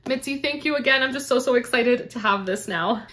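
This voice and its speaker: A young Canadian woman who runs a book channel chats casually to camera while unboxing her birthday gifts, gushing and effusive. Her voice is a little high and fairly bright, and she speaks briskly.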